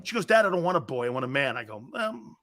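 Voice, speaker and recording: Middle-aged male talk host, lively pitch, excitable, laughs loudly, acts out quotes. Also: fast talker. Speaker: sports talk show host. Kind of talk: animated storytelling on a sports talk show.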